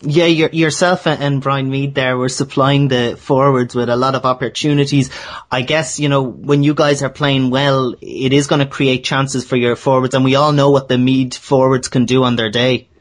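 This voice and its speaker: A man's voice: mid-range voice, little pitch movement, normal speed. A man from Ireland hosting a casual sports talk show and chatting with his guests. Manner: chatty, friendly interviewer. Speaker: radio show host.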